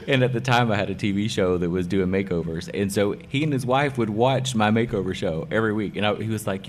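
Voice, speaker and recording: Very deep-voiced enthusiastic middle-aged man. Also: fast talker, hardly any pauses, a little hiss or hum. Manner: enthusiastic, emphatic, repeats key phrases. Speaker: hairdresser and salon owner, guest. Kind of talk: casual interview talk.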